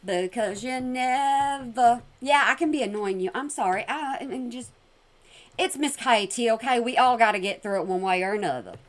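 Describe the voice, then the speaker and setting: Sassy, animated woman mocking a clip. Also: a little high, moderate pace. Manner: sassy, mocking, animated with sudden loud jumps. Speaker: commentary vlogger reacting to a clip. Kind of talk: casual commentary.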